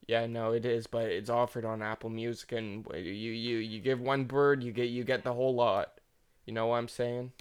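A man's voice: medium pitch, flat delivery, normal speed, smooth. A young man hosting a podcast in casual, joking chat, rambling with stammered restarts. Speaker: podcast host.

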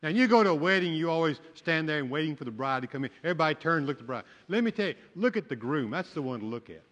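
Rapid-fire and lively, an older pastor's fairly bright, higher-pitched voice fills a church sanctuary as he preaches with folksy stories and humor. Long church hall reverb trails behind his words.

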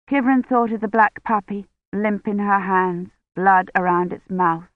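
A woman narrating a novel in a calm, measured reading voice. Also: medium pitch, no room sound. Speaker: audiobook narrator. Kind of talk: scripted narration. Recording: dry, tinny phone-like sound.

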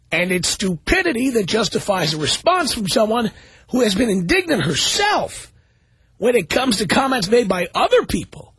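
A man's voice: sits high, fairly bright tone, slightly rough, dry recording. A man hosting a talk radio show, reading news stories aloud and commenting on them sarcastically.

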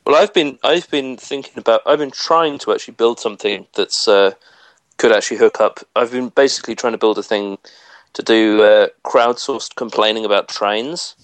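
A man's voice: lowish voice, normal speed, no echo. A man on a podcast panel, grumbling and swearing in casual chat while restarting his sentences.

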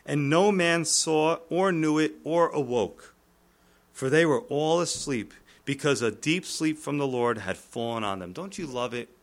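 A male pastor preaching a sermon, retelling the scripture in a lively way and chuckling at the text. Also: a little high, measured pace.

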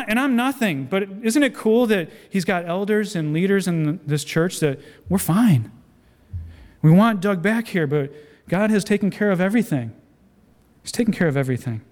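A man preaching a sermon as a guest speaker, animated storytelling with acted-out quotes and self-deprecating humor. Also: on the high side. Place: church sanctuary. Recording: long church hall reverb.

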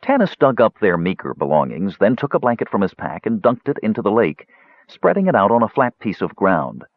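Male fantasy narrator, low and lively, dry dull lo-fi sound. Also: breathy edge, dry recording. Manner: expressive, measured reading. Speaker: audiobook narrator.

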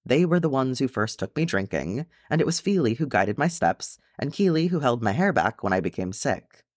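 A brash, earnest young dwarf man, as a male narrator voices him, pushing his voice higher than the reader's own. He talks in an impassioned way, with a wide swing of pitch. Close, dry sound. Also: sing-song, moderate pace, no room sound. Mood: fond.

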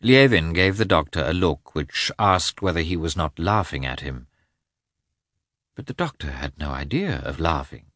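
A man narrating a classic novel as an audiobook in a measured, expressive reading. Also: very deep voice, no room sound, studio quality. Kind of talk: scripted literary narration.

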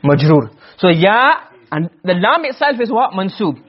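A man teaching Arabic grammar to a class, asking questions and answering them himself, and reciting verses slowly. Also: high-pitched, sing-song, lo-fi sound. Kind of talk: classroom lecture.

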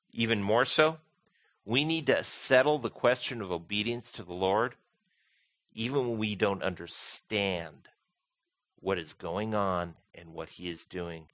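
Animated preacher man, bright voice. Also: lowish voice, normal speed, dry recording. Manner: animated, acts out quoted voices, humorous asides. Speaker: pastor. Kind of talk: sermon.

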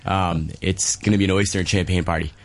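A man's voice: low-pitched, steady tone, fast talker. A man, a chef and restaurateur, chatting on the radio in a rambling, easygoing way. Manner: rambling, easygoing, many fillers. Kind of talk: casual radio chat.

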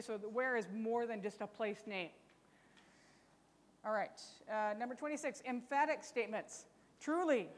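A woman's voice: mid-range voice, big-room sound. A woman teaching a Bible study lesson in a chatty, teasing way, often asking rhetorical questions.

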